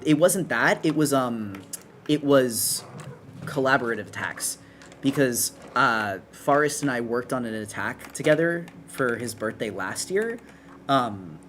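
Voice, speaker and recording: A man's voice: medium pitch, a little hiss or hum. A man streaming while he draws, chatting casually in a rambling, self-correcting way. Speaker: streamer and artist. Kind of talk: casual live-stream chat while drawing.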